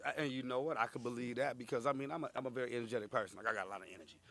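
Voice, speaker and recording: A man in his thirties, a guest comedian telling animated, profane stories in a casual interview and acting out the people in them. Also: mid-range voice, racing, vocal fry. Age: 30s. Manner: animated, profane storytelling with acted-out quotes.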